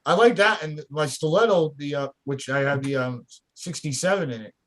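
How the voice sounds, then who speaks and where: A folksy man with a slightly high voice talks on a group video call. He rambles and restarts his sentences, in easy homespun phrasing. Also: moderate pace, fairly bright tone. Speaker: contest organizer. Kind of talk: casual group video chat.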